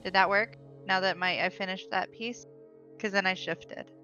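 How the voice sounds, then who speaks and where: Bright-voiced woman playing a tabletop game. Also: mid-range voice, fairly even intonation, normal speed, highs cut off, soft background music. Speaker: player. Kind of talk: casual tabletop game play.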